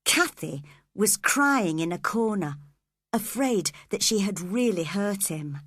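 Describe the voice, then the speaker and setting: A woman reading an audiobook as a measured storyteller. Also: medium pitch, lively intonation, a bit bright, slightly rough, no echo, clean studio sound. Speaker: audiobook narrator. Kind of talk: scripted audiobook narration.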